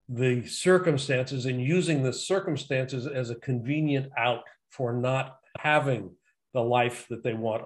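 A man hosting a conversational interview, musing aloud and asking long, winding questions. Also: mid-range voice. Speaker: host.

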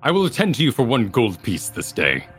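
Hoofed cab driver, clipped and formal, bright lo-key tone, a man putting it on. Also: mid-range voice, huge pitch swings, a little fast, faint music behind. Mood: businesslike.

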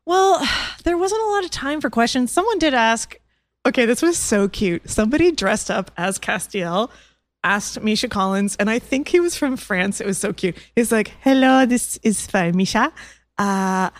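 A woman co-hosting a podcast in casual chat, gushing and excitable as she talks. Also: fairly high pitch, moderate pace, dry recording. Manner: gushing, excitable fan talk with laughs. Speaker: podcast co-host.

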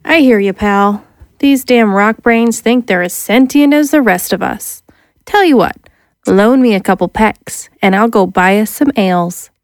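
An actress playing a short, streetwise alien hustler in an audio drama, breezy and sly. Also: female voice, mid-range voice, clear, resonant tone, no echo, clean studio sound, close to an everyday voice. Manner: breezy, fast-talking, sly.

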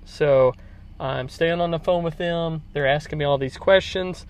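Rambling man telling a story, higher voice. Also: measured pace, smooth. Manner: rambling, repeats himself with many fillers. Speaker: podcast host. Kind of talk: casual storytelling.

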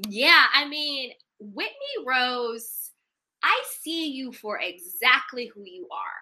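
A young woman with a very bright, ringing voice, talking with sass and emphasis. She sits a little high in pitch and keeps the chat casual and lively. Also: takes it slowly. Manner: animated, sassy, emphatic. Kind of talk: casual reality-TV gossip chat.

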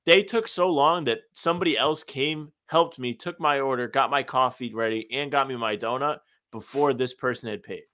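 A man's voice: mid-range voice, normal speed, hardly any pauses, pushed and bright. A young man co-hosting a podcast, telling casual anecdotes with lots of "like". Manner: chatty anecdotes, many "like" fillers. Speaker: podcast co-host. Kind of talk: casual chat.

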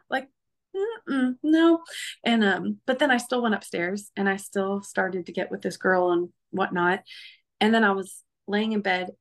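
A woman's voice: medium pitch, creaky. A woman guest recounting her testimony in an interview, earnest and emotional, with many fillers.

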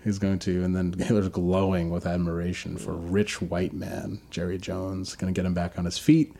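A man's voice: low-pitched, little pitch movement, normal speed, vocal fry, dark tone. A man co-hosting a podcast, riffing through absurd comedic bits in casual chat, with frequent ums. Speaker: podcast co-host.

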